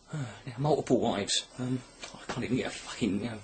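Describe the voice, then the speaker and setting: A man rambling through a crude, sarcastic comedy monologue, filming himself at home on his camera. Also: mid-range voice. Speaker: comedy vlogger. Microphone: camera mic.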